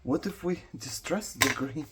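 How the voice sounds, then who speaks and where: A woman with a low voice and lively intonation speaks at a measured pace over very noisy audio. She's a craft vlogger, not a native English speaker, who chats and tells a story as she works, rambling, laughing frequently, and muttering to herself.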